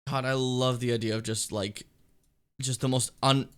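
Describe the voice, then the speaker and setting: A man's voice: mid-range voice, little pitch movement, normal speed, a bit bright, clean tone, no echo, studio quality. A young man talking casually while editing his own stream footage, rambling, cursing and laughing at himself. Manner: rambling, swearing, breaks into laughs and silly humming.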